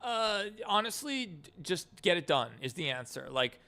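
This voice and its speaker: A man's voice: high-pitched, big pitch swings, moderate pace, sharp tone, clear, resonant tone. A young man casually chatting on a live stream about animation, rambling with lots of fillers.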